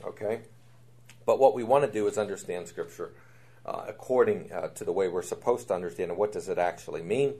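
Animated middle-aged male Bible teacher. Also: low-pitched, fairly quick. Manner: animated, repetitive emphasis, frequent fillers and restarts.

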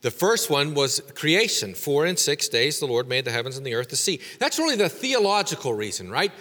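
Bright-voiced man teaching in a hall. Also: fairly high pitch, sing-song, a little fast. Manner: explanatory, with fillers and rhetorical questions. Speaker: Bible teacher. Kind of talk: lecture on scripture.

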